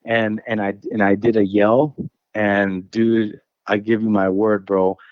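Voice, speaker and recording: Low-voiced man telling a rambling story. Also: level tone, unhurried, dry recording, highs cut off. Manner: rambling, restarts phrases, says dude and bro. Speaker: guest telling an encounter story. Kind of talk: casual storytelling.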